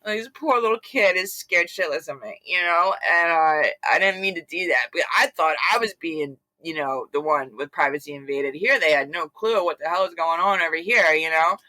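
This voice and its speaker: A woman's voice: lowish voice, normal speed, few pauses, no echo. A woman from Philadelphia, a guest on an interview, talks casually and animatedly, full of fillers and restarts and acting out what others said. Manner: animated, acts out quoted voices. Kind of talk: casual storytelling.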